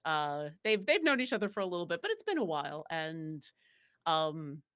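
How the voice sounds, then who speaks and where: A woman's voice: sits low, very animated, normal speed, fairly bright tone, clean tone. A woman from Buffalo, New York, talking as a guest in a casual interview, rambling with fillers and restarts. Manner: rambling, many fillers and restarts, laughs easily. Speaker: guest player.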